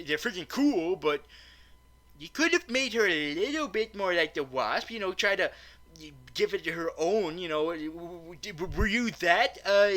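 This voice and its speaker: A man's voice: high-pitched, pushed and bright. A man doing a comedic movie recap, stammering often and breaking into mock-outraged, swearing rants.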